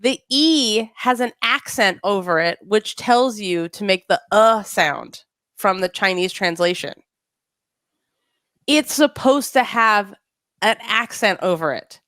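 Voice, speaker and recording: A woman co-hosting a podcast, chatting casually with quick jokes and asides. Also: medium pitch, dry recording. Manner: animated, joking, quick asides. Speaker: podcast co-host. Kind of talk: casual chat.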